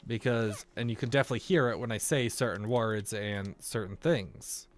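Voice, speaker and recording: A man's voice: lowish voice, fairly even intonation, normal speed. An American man chatting casually through a let's-play, rambling from thought to thought and talking to the game's characters. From United States. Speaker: gaming video creator.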